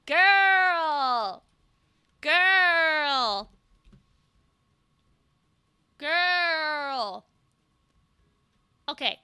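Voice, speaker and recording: A young adult woman VTuber has the flu and is streaming anyway, chatting casually with viewers, joking, swearing, and saying "like" a lot. Her high-pitched voice sounds pushed and bright in a dry recording.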